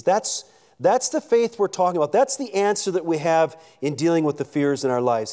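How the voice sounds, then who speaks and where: A man's voice: medium pitch, darkish tone. A man preaching a sermon as pastor, earnest, with frequent restarts and stammers and questions put to the congregation.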